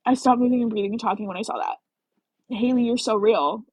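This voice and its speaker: A woman's voice: on the high side, quick pace, a little mellow, slightly rough, no echo. A woman in her twenties reading a romance novel aloud on a phone live stream, then chatting in a gushing, slangy way. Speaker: book reader and live streamer.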